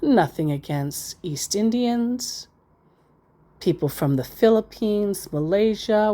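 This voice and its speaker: A woman's voice: mid-range voice, dark tone. A woman giving casual, sarcastic commentary as she reads out messages from scammers, rambling into asides. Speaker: scambaiter reading scam chats.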